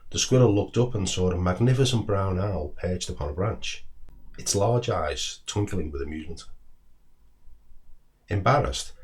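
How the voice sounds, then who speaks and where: Children's book narrator, male, very low voice, expressive read-aloud. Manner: expressive, storytelling delivery.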